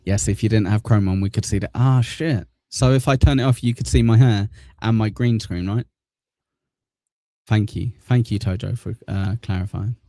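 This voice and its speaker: This livestream news host has a fairly low, dark-toned voice and talks at a normal speed in a dry recording. He banters casually, reads viewer comments aloud, and slips in crude insults. A desk mic in front of a green screen picks him up.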